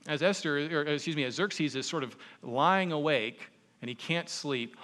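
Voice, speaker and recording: A man preaching a sermon, retelling a story in an animated, conversational way. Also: on the high side, normal speed, hardly any pauses. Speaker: pastor. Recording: long reverb in a large hall.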